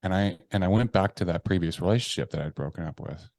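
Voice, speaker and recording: A man telling candid personal stories in a conversation, swearing freely and acting out his inner voices, dropping quiet when he confesses. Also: deep voice, fast talker, dry recording. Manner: animated, profane, acts out his inner voices. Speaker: podcast guest.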